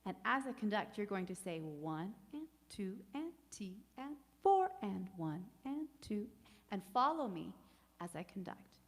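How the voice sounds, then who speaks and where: Woman, choir director, calm encouraging instruction, mid-pitched voice, long reverb. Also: unhurried. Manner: calm, gentle guided breathing, then upbeat coaching. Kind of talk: virtual choir warm-up and instruction.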